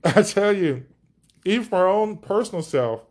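A man's voice: high voice, lively intonation, moderate pace, a little mellow. A man teaching scripture on a podcast, enthusiastic, stretching out key words for emphasis. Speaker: preacher.

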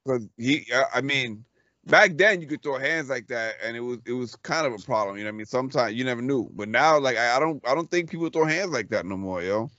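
A man's voice: medium pitch, lively intonation, fairly quick, sharp tone, no echo, dull audio. A man hosting a casual podcast, easygoing and slangy, who repeats himself as he talks. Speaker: podcast host.

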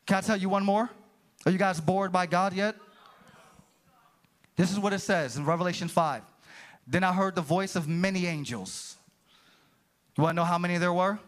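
This man preaches as a pastor with a high pitch and normal speed, leaving long pauses. Talking straight to his congregation, he is animated and occasionally breaks out in shouts.

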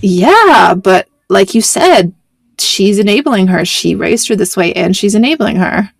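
Gravelly, rambling woman podcast host. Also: mid-range voice, lively intonation, measured pace, no echo. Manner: rambling, self-deprecating, chatty. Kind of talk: casual chat.

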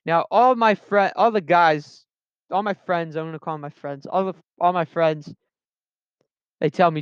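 A man's voice: on the high side, moderate pace, clean tone, no echo. A young man in his late teens telling a personal story casually, rambling with lots of restarts and fillers, on a dull lo-fi recording.

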